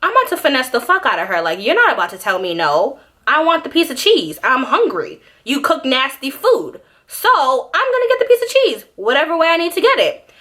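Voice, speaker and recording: A woman's voice: sits high, very animated, fairly quick, bright, forceful tone, pitched above the performer's own voice, heavily acted. A young woman acting out her childhood self as a dramatic, whiny, hungry little girl. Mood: scheming. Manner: whiny, theatrical.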